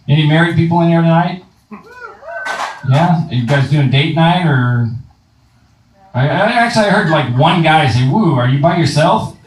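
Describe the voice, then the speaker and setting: Pausing often at a moderate pace, a slightly high-voiced man in his thirties works a club stage with crude, swear-filled stand-up and voiced asides for a live crowd. The distant mic catches an echoey room with a noisy background.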